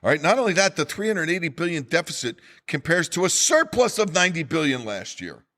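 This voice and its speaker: A man's voice: fairly high pitch, big pitch swings, brisk, bright, forceful tone. A middle-aged man with a New Jersey accent hosting a solo economics podcast, speaking emphatically and urgently and repeating figures for stress. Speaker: podcast host.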